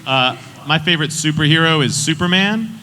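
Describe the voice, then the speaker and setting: A man's voice: on the high side, a little fast, pushed and bright. A man voice actor answering fan questions on a panel with a dry joking manner. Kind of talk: casual panel chat. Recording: reverberant hall, noisy.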